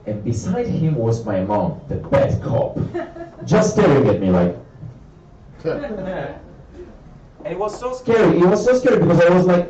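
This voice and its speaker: A young Italian man with an Italian accent performs stand-up on a comedy club stage before an audience, speaking unhurriedly with long pauses. He's animated, acting out characters with big jumps in pitch. The live club sound is roomy and dull, picked up from a distance with a slight hiss or hum.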